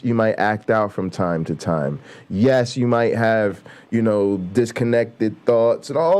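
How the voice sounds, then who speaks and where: A man's voice: medium pitch, a little mellow. Blunt, profane man hosting a livestream. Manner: blunt, profane, heated, builds to emphatic outbursts. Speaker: show host. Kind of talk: casual livestream commentary.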